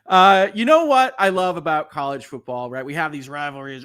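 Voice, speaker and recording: A middle-aged man hosting a legal livestream, reading viewer comments aloud in a halting, earnest way that often repeats words. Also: a little high, expressive, fairly bright tone, clean tone. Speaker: legal channel host.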